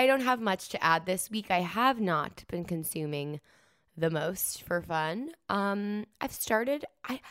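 A woman's voice: on the low side, a bit bright, no room sound, studio quality. A woman co-hosting a podcast, chatting casually in a rambling, giggly, self-deprecating way. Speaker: podcast co-host. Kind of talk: casual chat.

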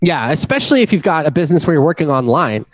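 A man co-hosting a business podcast, talking in an earnest, motivational way and pitching listeners to book a call. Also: sing-song, fast, no echo. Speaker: podcast co-host. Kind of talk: casual business podcast talk.

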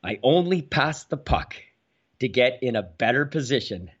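An elderly hockey legend answers in a slow, formal drawl, every word measured, as a man puts him on. He sounds dry and deliberate. The recording is a bit dull and lo-fi. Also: mid-range voice, very animated, slightly rough.

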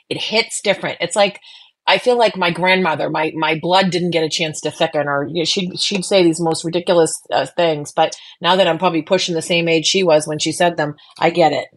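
A middle-aged woman from Boston with a Boston accent, co-hosting a casual podcast chat in a chatty, self-deprecating way with lots of restarts. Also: lowish voice. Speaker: co-host.

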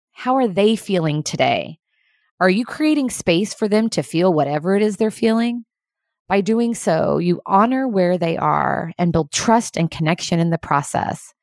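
A woman's voice: lowish voice, expressive, darkish tone, no echo, clean studio sound. A woman giving an earnest, emphatic motivational talk to leaders. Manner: earnest, fast-paced and emphatic.

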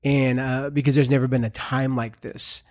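A man hosting a podcast conversation, affirming his guests and pausing often with fillers as he thinks aloud. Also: mid-range voice, little pitch movement, no echo, studio quality. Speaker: podcast host.

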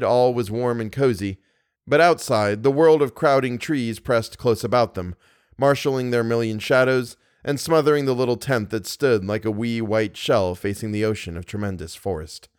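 A man reading a horror story aloud in a measured, grave way. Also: medium pitch, clear, resonant tone, no room sound, clean studio sound. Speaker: podcast narrator. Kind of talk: scripted narration of a horror story.

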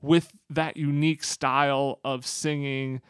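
A man's voice: medium pitch, flat delivery, a little slow, a bit bright, clean tone, dry recording, studio quality. A man co-hosting a casual podcast chat, talking in enthusiastic, rambling bursts. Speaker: podcast co-host. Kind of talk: casual chat about a musical.

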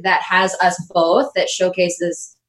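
A woman's voice: on the low side, monotone, slow pace, fairly bright tone, rough recording. A woman guest in a casual interview, enthusiastic and talking in long run-on sentences. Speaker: guest, Las Vegas performer.

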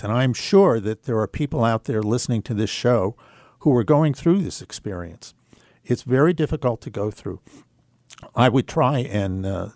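A man speaking as a guest on a radio show, telling a personal story in an earnest, reflective way, unhurried and with fillers. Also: lowish voice, a little mellow, dry recording, clean studio sound.

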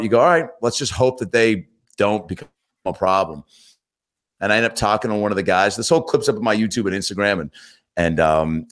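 A man, a comedian and actor, telling stories as a guest in a casual interview, acting out what people said. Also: on the low side. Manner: animated storyteller, acts out quotes.

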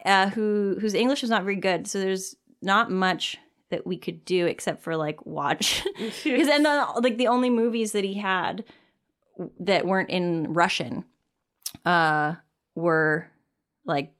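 A woman's voice: mid-range voice, a little slow, a bit bright. Rambling woman telling a story. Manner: rambling, filler-heavy, self-mocking. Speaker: podcast guest. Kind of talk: casual comedic storytelling.

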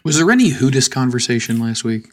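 A man's voice: medium pitch, sing-song, fast talker. A man co-hosting a casual podcast chat, with teasing, easygoing talk. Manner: teasing, easily set laughing. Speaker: podcast co-host.

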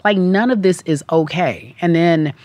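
A woman guest speaking candidly in an interview, telling her story with animated delivery and acting out quoted voices. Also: fairly low pitch, a little slow, dry recording.

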